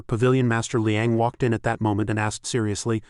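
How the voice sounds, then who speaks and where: A man narrating a story recap in a steady, even storytelling way. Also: fairly low pitch, brisk, hardly any pauses, dry recording, studio quality.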